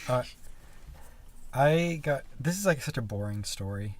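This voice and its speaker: A young man telling a self-deprecating story in a casual chat, halting and quoting others. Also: mid-range voice, animated, heavy background noise.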